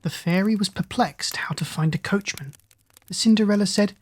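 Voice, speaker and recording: A woman narrating a bedtime fairy tale for children in a calm, soothing way. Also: medium pitch, normal speed, breathy edge. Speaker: storyteller.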